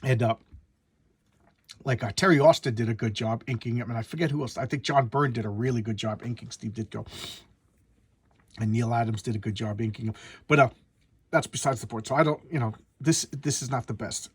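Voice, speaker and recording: Husky man rambling through a comic review. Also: medium pitch, a little fast, long pauses, dry recording. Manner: rambling, blunt, restarts often. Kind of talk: casual comic book review.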